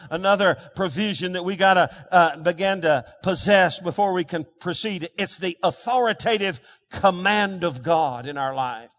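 A man's voice: sits high, a bit bright. A man preaching a sermon as pastor, emphatic and drawing call-and-response from his congregation. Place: church sanctuary. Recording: long reverb of a large hall.

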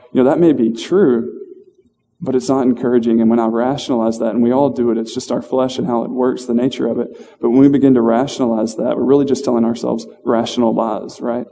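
Man, informal sermon, flat delivery, mellow voice, lots of restarts. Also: mid-range voice, creaky, big-room sound. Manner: conversational, self-deprecating, halting with fillers and restarts. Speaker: lay preacher. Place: church hall.

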